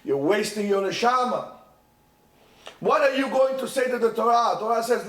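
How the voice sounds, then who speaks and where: In an echoey room, a man teaches a Torah lesson at a yeshiva with real passion, repeating himself and restarting phrases. His voice is very high and a bit bright, and he speaks at a moderate pace.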